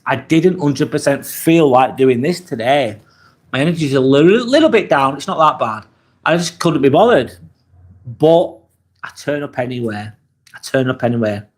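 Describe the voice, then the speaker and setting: A young English man on a live-stream, casually reading chat comments and answering candidly, swearing now and then. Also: on the high side. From England. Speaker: livestream vlogger.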